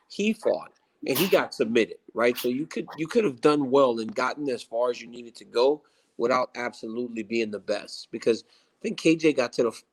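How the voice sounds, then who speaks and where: Relaxed reflective man talking shop. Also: medium pitch, rough recording. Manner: relaxed, reflective, restarts sentences. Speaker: guest, former fighter. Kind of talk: casual interview talk.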